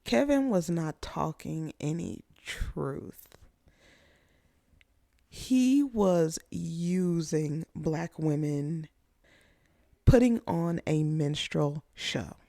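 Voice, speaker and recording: A commentator giving angry commentary in a slow, blunt, profane way. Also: mid-range voice, creaky, mellow, dry recording, clean studio sound.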